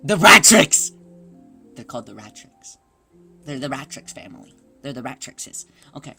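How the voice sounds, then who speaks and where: A woman livestreamer chatting casually with her viewers, excitable and gushing as she greets people in chat. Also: rumbling low, normal speed, music in the background.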